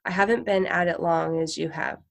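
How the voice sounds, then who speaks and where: A woman's voice: on the low side, fairly even intonation, moderate pace, creaky. Woman reading as a bitter, worn-down tramp. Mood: weary. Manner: grim, muttering to himself. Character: weary adult male tramp, a gentleman come down, bitter.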